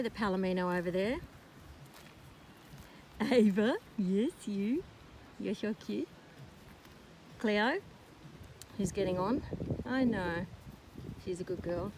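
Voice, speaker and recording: A woman's voice: medium pitch, low-quality recording. A woman, a horse owner, chatting casually outdoors and talking to her horses. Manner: chatty, coos and scolds the horses. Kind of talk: casual chat to camera and to horses. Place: windy rural paddock outdoors. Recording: loud wind noise outdoors.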